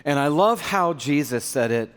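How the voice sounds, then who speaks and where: Man preaching, earnest and chatty, voice on the high side, long hall reverb. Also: lively intonation, normal speed, fairly bright tone, clean tone. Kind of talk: sermon.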